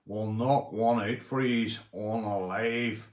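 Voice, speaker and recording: A man's voice: fairly low pitch, fairly even intonation, slow. Slangy Northern Irish man, roomy echo. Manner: slangy, calls everyone mate; swears freely. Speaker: livestreamer. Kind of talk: casual live-stream chat.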